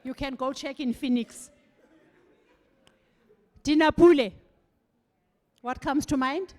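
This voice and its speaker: A woman's voice: sits high, slow pace. A middle-aged South African woman giving a farewell speech, telling stories and acting out the voices of the people in them. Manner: animated storytelling, acting out quoted voices. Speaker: farewell speaker. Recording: echoey hall with long reverb.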